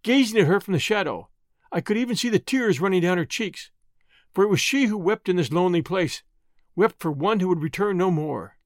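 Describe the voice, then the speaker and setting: Male audiobook narrator, measured and dramatic, fairly high voice, dry close recording. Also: animated, no room sound. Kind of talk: scripted first-person narration.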